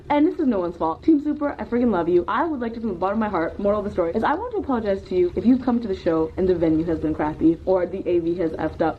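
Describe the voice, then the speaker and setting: A young woman rants to camera at a rapid clip, her words tumbling out as she vents and picks on herself, with bursts of laughter breaking through the frustration. The recording is a little dull and lo-fi, with a faint hiss of noise underneath. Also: fairly high pitch. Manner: fast, venting, self-critical, laughs through upset. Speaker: vlogger. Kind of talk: emotional vlog rant.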